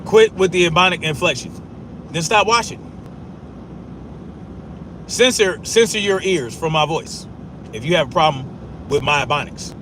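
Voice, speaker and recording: A man's voice: a little high, moderate pace, long pauses, a bit bright, a little hiss or hum. A man arguing back at chat comments during a casual live stream, profane and repeating himself for emphasis.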